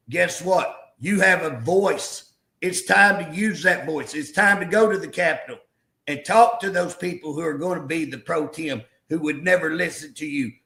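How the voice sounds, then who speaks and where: A man's voice: sits high, creaky, sharp tone, roomy sound. A man speaking as a guest on a political talk show, rallying listeners in a fiery, folksy, preacher-like way. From southeast Oklahoma. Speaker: state representative guest.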